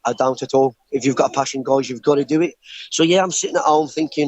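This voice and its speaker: A man's voice: mid-range voice, steady tone, fast, darkish tone, no echo, lo-fi sound. A young man from Scotland with a Scottish accent mixed with the English Midlands, earnestly telling his story as a guest over a remote call, with lots of "uh". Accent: Scottish with some English Midlands mix. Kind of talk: interview answering, telling his life story.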